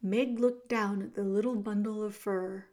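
A woman's voice: medium pitch, steady tone, normal speed, mellow. A woman narrating a children's storybook, leaning into the action and speaking directly to the reader. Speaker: audiobook narrator.

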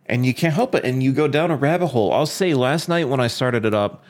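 A young man in casual gaming talk, getting excited and swearing freely, his voice leaping up when worked up. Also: mid-range voice, a little fast. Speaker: podcast co-host.

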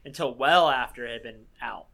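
A man co-hosting a podcast, chatting in an animated, enthusiastic way. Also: medium pitch, fairly quick, creaky. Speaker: podcast co-host. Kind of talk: casual chat.

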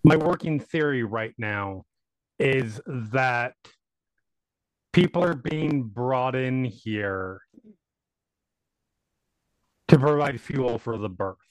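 Slow-talking man playing a tabletop game. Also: medium pitch, animated, dry recording, rough recording. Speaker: player. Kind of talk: casual tabletop play and narration of own character.

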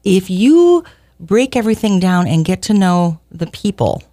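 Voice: medium pitch, sing-song, measured pace, mellow, no echo, clean studio sound. Fifty-year-old host, rambling affirming questions. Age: 50s. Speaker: interview host.

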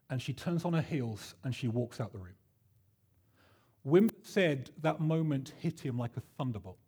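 A man preaches to his church, his voice husky and a little breathy. He sits somewhat high for a man and tells stories with lively energy. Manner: animated storytelling, acting out voices in quotes. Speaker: pastor. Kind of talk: sermon.

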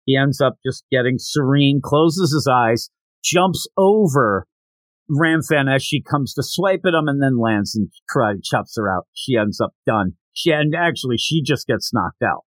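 A man hosting a podcast who gives a casual, animated recap of a comic chapter, with jokey asides. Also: mid-range voice, a little slow, dry recording, rough recording. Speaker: podcast host.

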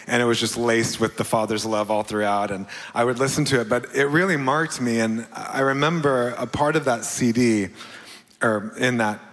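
Lowish-voiced pastor guy rambling into his sermon, lots of ums, big hall echo. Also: fairly bright tone. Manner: halting, many fillers, laughs often. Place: large church hall. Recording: long hall reverb.

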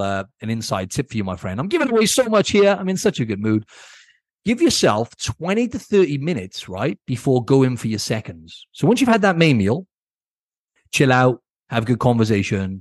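A man's voice: mid-range voice, very animated, brisk, no echo, clean studio sound. A man hosting his own podcast as a coach, giving blunt, casual advice and often checking in with "right?". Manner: blunt, casual, keeps asking "right?", swears. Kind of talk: solo podcast advice talk.

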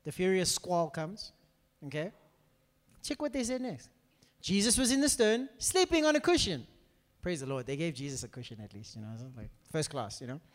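A lively, high-voiced man preaching to a room, his pitch swinging up and down as he acts out the people in his story. He keeps checking in with the listeners. The sound carries a long reverb from the hall. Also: moderate pace. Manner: animated, acts out quoted dialogue, asks the room questions. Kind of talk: sermon. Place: church hall.

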